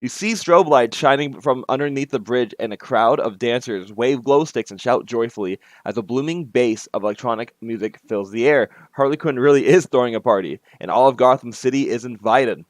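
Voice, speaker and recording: Brief: a chatty man narrating a game, mid-pitch, dry close sound. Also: a little fast, hardly any pauses, no echo. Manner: casual, chatty asides and self-corrections. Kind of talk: reading a self-made game aloud.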